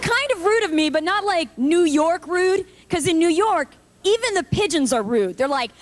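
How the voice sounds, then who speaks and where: A woman's voice: very high-pitched, expressive, moderate pace, hardly any pauses, slight background noise. A woman doing a punchy stand-up comedy set on a live club stage, jumping into character voices.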